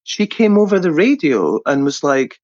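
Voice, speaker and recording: A man's voice: a little high, moderate pace, no echo, muffled recording. A man as an interview guest, swearing and laughing as he tells gaming stories over a headset. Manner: animated anecdotes, frequent swearing and laughter. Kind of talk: casual storytelling.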